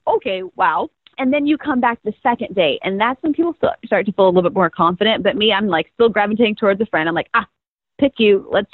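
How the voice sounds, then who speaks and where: A woman's voice: mid-range voice, dry recording. A young woman in her twenties, a first-year pro cheerleader, chatting bubbly in an interview and laughing often. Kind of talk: casual interview storytelling. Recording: tinny phone-like line, dry.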